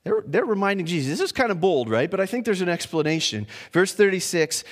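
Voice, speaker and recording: A fast-talking man with a high, expressive voice preaches a conversational sermon, going verse by verse through a passage. His speech is informal; he repeats words as he thinks and asks his listeners questions.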